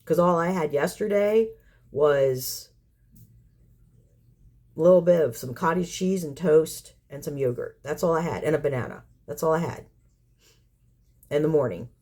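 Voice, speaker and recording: A woman's voice: low voice, measured pace, long pauses, mellow. A woman hosting a cat rescue vlog, ranting at viewers in an exasperated, sarcastic way, rambling and firing off rhetorical questions. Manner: rambling with repeated phrases. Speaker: community cat caretaker and channel host.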